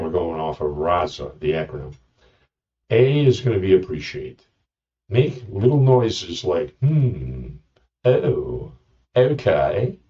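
A man's voice: sits low, a little mellow, far from the mic, dull audio. A man hosting a podcast, talking through listening tips in a rambling, joking monologue with many restarts. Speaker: podcast host. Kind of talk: casual monologue.

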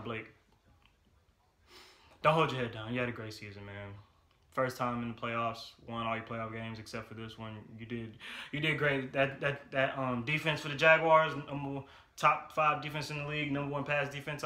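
Young guy w/ ranting about the game, real bright sharp tone, roomy echo. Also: mid-range voice. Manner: frustrated, loud and emphatic, repeats himself; slang-heavy, talks fast through stats. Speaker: sports fan vlogger. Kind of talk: casual game reaction rant.

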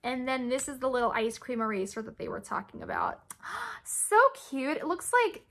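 A young woman vlogger excitedly opening fan mail, gushing and gasping as she reads notes aloud. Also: high-pitched, a little fast, creaky. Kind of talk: excited unboxing chat.

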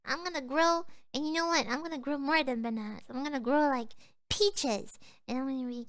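A woman's voice: high voice, a little fast, a bit bright. A sleepy young woman streamer rambling drowsily as she chats to her viewers, often trailing off. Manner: chatting to viewers. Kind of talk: casual livestream chat.

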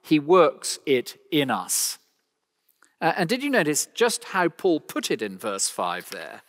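A British man preaching in a big church, his voice ringing with a long reverb. He speaks slowly and deliberately, with a lively, rising and falling pitch. His delivery is earnest and emphatic, and he returns again and again to key phrases. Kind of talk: expository sermon.

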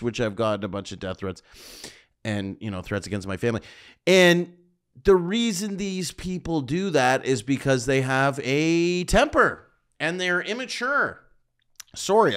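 Male comedian host, sardonic rambling rant, smooth clear voice, mid pitch. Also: fairly bright tone. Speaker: stand-up comedian and show host.

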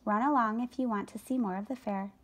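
A woman voicing a gentle, wise female spider who speaks softly and low. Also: steady tone, a little fast, breathy edge. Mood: kindly. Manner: soft and low-voiced.

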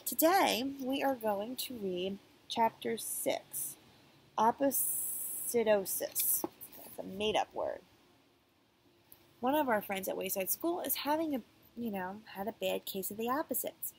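Gravelly-voiced woman reading to students. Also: mid-range voice, lively intonation, unhurried, slight background noise, rough recording. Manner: casual asides with fillers and self-corrections. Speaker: teacher reading aloud to students. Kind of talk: reading a children's chapter book aloud.

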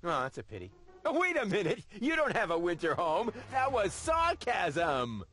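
A man's voice: a little high, big pitch swings, normal speed, fairly bright tone. A man voicing a cocky, sarcastic young male game hero who teases others in a smug way. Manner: smug and sarcastic, teasing, sings a boastful rap. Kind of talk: video game voice acting.

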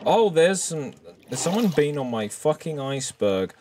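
A man's voice: a little high, very animated, moderate pace, background noise. A man chatting casually on a live game stream, rambling and self-mocking, with frequent swearing. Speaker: gaming streamer. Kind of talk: casual live-stream chat while gaming.

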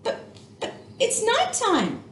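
A woman voicing a shy, confused young female bat in a storybook read-aloud, in a bright, wide-eyed tone. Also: very high voice, wildly swooping pitch, slow pace, roomy sound, slight background noise, pitched above the performer's own voice, heavily acted. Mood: amazed.

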